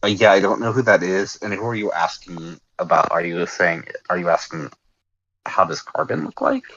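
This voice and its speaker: A man's voice: deep voice, steady tone, normal speed, a bit bright, highs cut off. An American man chatting casually on a livestream, rambling with lots of "like" and restarts. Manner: rambling, heavy use of "like" and restarts.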